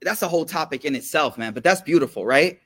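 High-voiced man teaching in casual slang. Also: animated, fast talker, sharp tone, slightly rough. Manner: conversational, slangy, checks in with listeners. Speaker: religious teacher. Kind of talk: casual storytelling lecture.

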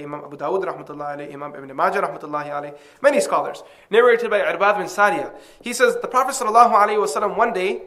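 A man's voice: high-pitched, bright, forceful tone. A man preaching a religious lecture to an audience, emphatic and impassioned, with Arabic quotations worked into his talk.

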